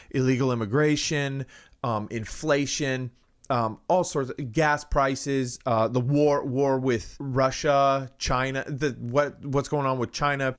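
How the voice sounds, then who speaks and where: A man hosting a comedy podcast, delivering a sarcastic, mock-earnest monologue full of rambling asides and swearing. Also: medium pitch. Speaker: podcast host.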